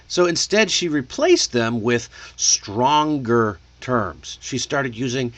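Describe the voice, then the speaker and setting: A man gives an English speaking lesson from his desk, talking at an unhurried, very slow pace. His pitch sits in an ordinary middle range, and the close mic sound is dry with no room around it. He checks in often and models how sentences should land. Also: animated, a bit bright, no echo. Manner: coaching, deliberate, checks in with "okay?"; demonstrates rising and falling intonation.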